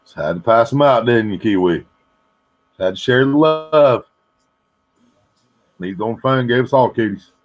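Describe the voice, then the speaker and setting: A man's voice: medium pitch, expressive, normal speed, pauses often, muffled recording. A man hosting a casual group chat, joking, swearing freely and laughing often.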